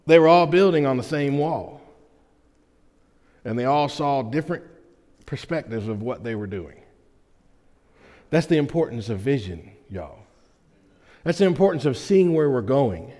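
A male pastor with a slightly high voice, preaching in a relaxed, folksy way. He keeps checking in with his congregation as he goes. His voice rings with the long reverb of a big church sanctuary. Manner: folksy, with frequent "right?" check-ins to the congregation. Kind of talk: conversational sermon to a congregation.

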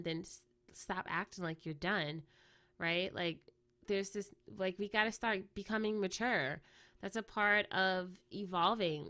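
A woman with a lowish voice talks through her thoughts on a podcast in a loose, rambling way. She keeps checking in with "right?" and fights off a cough now and then. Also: fairly bright tone. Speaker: podcast host. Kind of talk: casual reflective chat.

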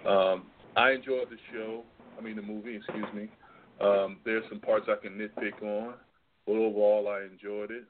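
A man's voice: lowish voice, flat delivery, moderate pace, slight background noise. A man calling in to a radio talk show, teasing the hosts in a joking way. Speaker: caller. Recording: phone line.

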